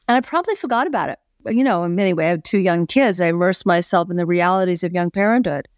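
A middle-aged woman appearing as a podcast guest earnestly tells a personal story, dropping in lots of "you know" fillers. Her lowish voice moves fast with hardly any pauses, and the recording is studio quality with no echo.

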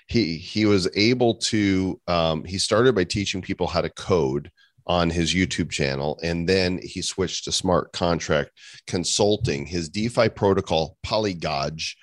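Man, very low voice, dry close sound, jokey podcast co-host, casual chat. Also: a little slow, dry recording. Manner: jokey, laughing, reads listener reviews.

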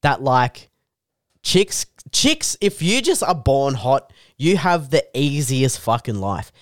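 A man's voice: mid-range voice, big pitch swings, measured pace, no echo, studio quality. A man ranting in crude, swear-heavy podcast banter. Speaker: podcast co-host.

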